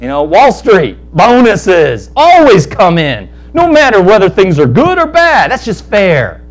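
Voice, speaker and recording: A man preaching a sermon, telling a parable in animated storytelling style and acting out the characters in quick asides. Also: sits high. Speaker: pastor.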